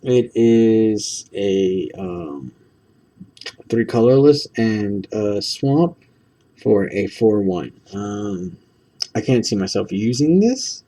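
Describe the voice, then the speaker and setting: A man's voice: fairly low pitch, lively intonation, slow, warm tone, far from the mic. A man rambling casually as he goes through trading cards on his own channel, with many ums and restarts. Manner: rambling, full of ums and self-corrections. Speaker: card-opening video host. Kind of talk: casual card-opening commentary.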